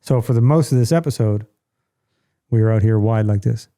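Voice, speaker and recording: A man's voice: on the low side, brisk, mellow. A middle-aged man hosting a casual podcast from home, blunt and ranting, with a joking streak. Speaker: podcast host.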